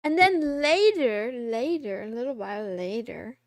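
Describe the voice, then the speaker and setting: A woman's voice: fairly high pitch, animated, unhurried, no echo, clean studio sound. A woman streamer chatting casually while she draws a comic, rambling, giggling and joking with herself.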